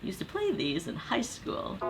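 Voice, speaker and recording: A woman hosting a music video, talking through a song arrangement in a casual, playful way and jumping from idea to idea. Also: mid-range voice. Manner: chatty, playful, jumps between ideas. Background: music playing under the voice.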